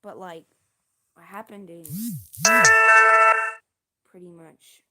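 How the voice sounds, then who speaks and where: A woman streamer casually telling a long story on a livestream, halting and restarting often, with casual swearing. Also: lowish voice, loud music behind the voice. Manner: rambling, halting, with many restarts and fillers.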